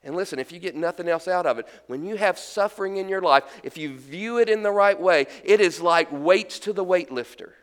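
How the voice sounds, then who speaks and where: High, clear-voiced preaching man. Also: fairly quick, few pauses. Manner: dynamic preaching, swinging between loud emphasis and hushed lines. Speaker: pastor. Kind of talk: sermon.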